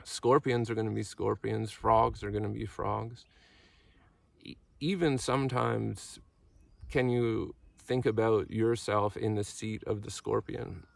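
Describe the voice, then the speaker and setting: Man, 30s, unhurried mindfulness teacher, very gravelly and halting. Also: fairly low pitch, steady tone, no echo, recorded from a distance. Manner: halting, musing, self-deprecating. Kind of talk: reflective talk with parables.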